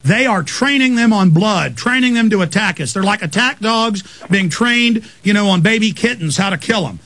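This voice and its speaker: A man's voice: high voice, expressive, normal speed, fairly bright tone. A man hosting talk radio, ranting in a fiery torrent of accusations. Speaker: radio host.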